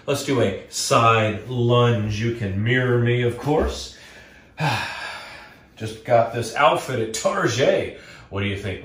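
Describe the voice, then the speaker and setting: A man's voice: medium pitch, reverberant. Playful man leading a yoga class. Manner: playful, cues breathing and poses. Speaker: yoga instructor. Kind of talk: guided yoga class with jokey asides. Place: indoor room before a green screen.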